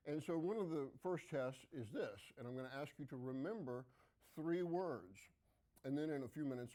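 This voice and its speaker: A middle-aged man hosts a local TV health segment. He speaks plainly and folksily at a mid pitch, with plenty of fillers. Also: a little mellow. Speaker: physician hosting a health segment. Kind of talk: conversational health talk to camera.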